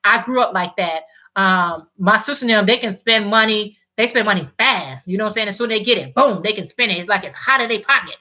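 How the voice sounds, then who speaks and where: A woman's voice: mid-range voice, expressive, quick pace, pushed and bright, dull audio. A middle-aged woman hosting a casual live stream, chatting and reading viewer comments, often restarting and repeating words.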